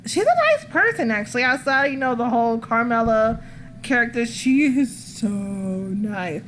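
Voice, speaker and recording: A woman hosting a casual podcast in a bright, slightly high voice. She rambles through her stories, swears freely and laughs often. A faint hiss sits under her voice. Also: expressive, moderate pace. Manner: rambling, profane storytelling. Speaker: wrestling podcast host. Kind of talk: casual chat.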